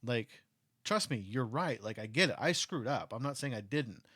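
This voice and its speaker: A man's voice: mid-range voice, normal speed, breathy edge, no room sound. Male co-host, casual storyteller, filler-heavy, dry close sound. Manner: animated storytelling with many "like" fillers. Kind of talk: casual chat.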